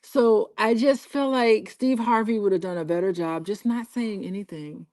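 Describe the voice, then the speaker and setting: A woman's voice: mid-range voice, moderate pace, a little mellow, no room sound, clean studio sound. A woman from Alabama co-hosting, giving frank, opinionated casual commentary. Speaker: co-host.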